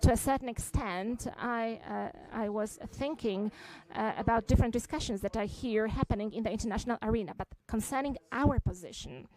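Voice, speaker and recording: A woman giving a simultaneous interpretation at a press conference, halting, with frequent fillers and restarts. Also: fairly high pitch, a little mellow, rough recording.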